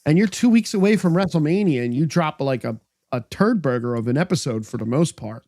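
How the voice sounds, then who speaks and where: Podcast co-host, blunt recapper, very animated pitch, mid-range voice. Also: brisk. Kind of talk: casual chat.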